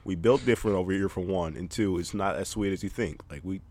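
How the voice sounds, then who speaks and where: Low-voiced boastful man joking on a podcast. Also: a little fast, darkish tone. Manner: boastful, teasing, laughs often. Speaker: podcast co-host. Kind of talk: casual joking chat.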